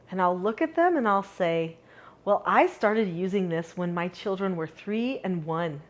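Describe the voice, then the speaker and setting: A middle-aged woman talks straight to the camera about raising children. Her voice sits at a mid pitch, and she shifts between energetic emphasis and a softer, calmer way of speaking. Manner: upbeat, shifts between animated and calm delivery. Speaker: parenting educator. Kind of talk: direct-to-camera parenting lesson.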